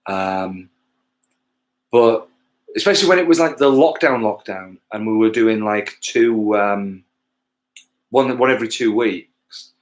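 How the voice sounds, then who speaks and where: A man with a lowish voice, speaking a little slowly and pausing often, chats casually with livestream viewers between songs. He's an English touring musician hosting the gig, and his talk rambles and loses its thread, peppered with casual swearing and self-mocking humor.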